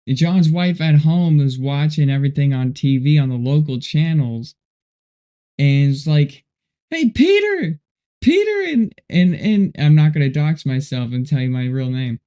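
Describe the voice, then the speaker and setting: A man's voice: mid-range voice, fairly even intonation, normal speed, dark tone, clean tone. A man hosting a casual livestream while coding, rambling and laid-back, often saying "dude" and "you know". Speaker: livestream host.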